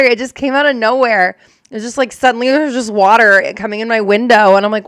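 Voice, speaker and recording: A woman's voice: a little high, fast talker, no room sound, clean studio sound. A young adult woman who is a storm chaser, talking candidly and emotionally in a casual reaction chat, swearing and using lots of fillers.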